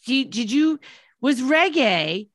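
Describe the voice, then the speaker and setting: A woman's voice: sits high, sing-song, slow, no room sound, studio quality. A woman hosting a casual, amused chat over a video call.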